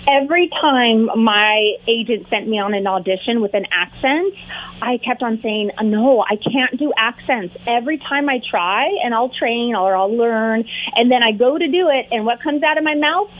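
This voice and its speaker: A woman's voice: fairly high pitch, moderate pace. A woman with a Southern California accent, a realtor guest chatting casually on the phone, bubbly and laughing often. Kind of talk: casual chat over the phone. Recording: tinny phone line.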